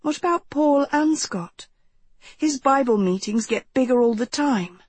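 In an audiobook, a blunt, impatient teenage girl, voiced by a woman narrator speaks up high and quick-tempered. The voice is slightly husky and sits close in a dry, quiet room. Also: animated, dry recording, exaggerated voice. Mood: questioning. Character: sharp-tongued seventeen-year-old girl, impatient. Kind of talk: audiobook character voice.

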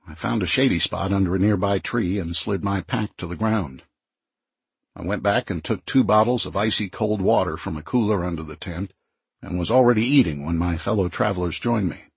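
Male audiobook narrator, deep husky voice, dry close mic, measured. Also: no echo. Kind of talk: scripted first-person narration.

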